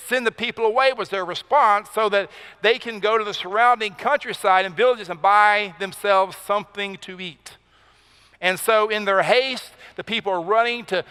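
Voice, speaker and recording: High, bright-voiced pastor preaching. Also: male voice, smooth, big-room sound. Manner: conversational, asks the crowd "right?" often. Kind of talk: sermon. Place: church sanctuary.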